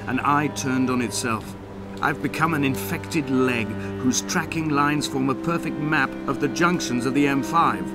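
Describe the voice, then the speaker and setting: A man voicing a haunted, poetic narrator in a game, reciting slowly and gravely. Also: mid-range voice, natural voice. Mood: anguished. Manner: slow, grave, literary recitation. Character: haunted male narrator of a lonely island, brooding and poetic. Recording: voice-over under loud game music.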